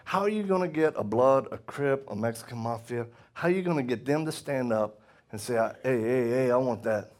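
Before a live audience, a middle-aged man preaches a testimony sermon with a mid-range voice and a brisk pace. He laughs a lot and swings between loud outbursts and hushed tones.

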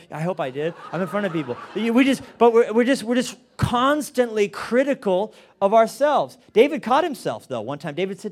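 Animated high-voiced male pastor. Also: brisk, few pauses. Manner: animated, repeats words when stressing a point. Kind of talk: sermon.

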